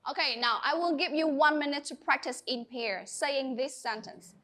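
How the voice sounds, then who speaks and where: A woman with a Vietnamese accent, teaching an English class and giving slow, deliberate instructions in a classroom. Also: sits high, a bit bright. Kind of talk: classroom lesson.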